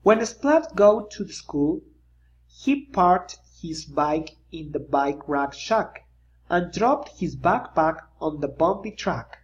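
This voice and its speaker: A reader reads a children's picture book aloud in a slow, animated way, stopping for little pointing asides. The sound is dull and lo-fi. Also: mid-range voice. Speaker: storybook reader.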